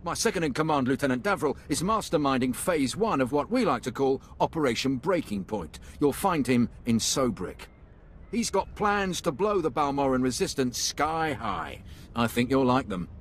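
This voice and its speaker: Man voicing a confident imperial army captain, game character, salesman-like pitch, lively swinging intonation, faint hiss behind. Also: normal speed, natural voice. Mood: brisk. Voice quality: slick salesman-like delivery. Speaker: military officer in a game. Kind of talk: game voice acting.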